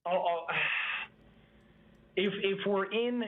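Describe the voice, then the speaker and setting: A man's voice: high voice, slow pace. A young man from the Boston area, a pro baseball player guesting on a radio show, talking in an easygoing, rambling way. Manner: easygoing, rambling with filler words. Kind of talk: casual interview chat. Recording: tinny phone-like line.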